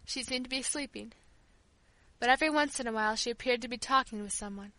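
Female audiobook reader, high and bright, dry close sound, earnest storytelling. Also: fast, no echo, rough recording. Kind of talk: audiobook narration.

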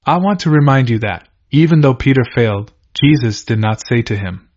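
A preacher works through scripture in a sermon, his mid-pitched voice steady and earnest as he teaches and poses questions to his listeners. He speaks fairly quickly, and the dull, lo-fi recording carries a little hiss or hum.

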